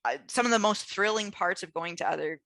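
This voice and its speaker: Gravelly Canadian woman guest. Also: mid-range voice, brisk, fairly bright tone, dry recording. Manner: chatty, laughs often, many restarts. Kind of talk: casual interview chat.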